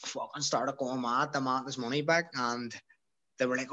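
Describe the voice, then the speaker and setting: In a low-quality recording, a young Irish guest with a mid-range, steady voice talks briskly, his delivery pushed and bright. Once an amateur boxer, he tells a rowdy story casually, cursing often and performing other people's lines.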